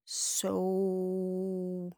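Blunt, profane woman with a low voice. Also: monotone, drawn-out words, dark tone, no echo, clean studio sound. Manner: rambling, with many asides. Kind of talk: casual storytelling monologue. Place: near an apartment parking lot.

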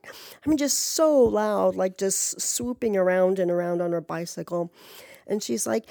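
A woman's voice: mid-range voice, very animated, a little slow, creaky, warm tone, dry recording. A woman telling a rambling story in a chatty, profane way, full of asides and fillers. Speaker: podcast storyteller. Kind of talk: casual storytelling monologue.

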